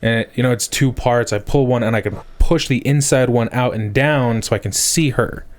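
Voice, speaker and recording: A man, a podcast co-host in his thirties, telling a story in casual chat, swearing a lot and getting loud as it builds. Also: medium pitch, normal speed. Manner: animated storyteller, swears often, rising to shouts.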